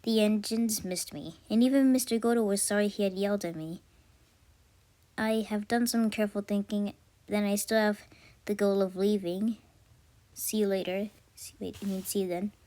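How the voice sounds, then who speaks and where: A woman's voice: medium pitch, steady tone, warm tone. A woman narrating a first-person story aloud, amateur and unpolished. She stumbles often, backs up and corrects herself mid-sentence before moving on. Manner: halting, frequent self-corrections. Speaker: story reader.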